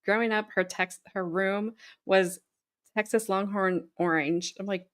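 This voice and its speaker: Unhurried woman chatting on a video call. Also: medium pitch, fairly even intonation. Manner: unhurried, laughs along, trails off mid-sentence. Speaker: live-stream co-host. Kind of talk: casual video chat. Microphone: video call webcam.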